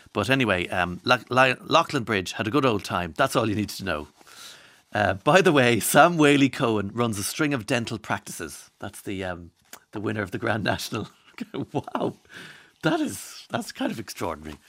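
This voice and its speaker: An Irish-accented radio host chats casually on a studio microphone, cracking jokes and reading listener messages aloud. His voice is fairly low and a bit bright, with no echo.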